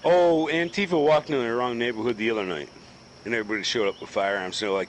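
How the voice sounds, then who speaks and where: A man's voice: fairly low pitch, quick pace, a little hiss or hum, rough recording. A man from the US East Coast in a casual chat while gaming, ranting heatedly and swearing constantly.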